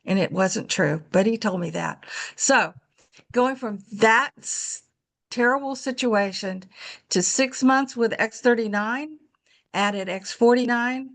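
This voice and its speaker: A woman's voice: fairly high pitch, takes it slowly, a bit bright. Earnest woman sharing a health story. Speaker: webinar participant sharing a testimonial. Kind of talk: casual personal story.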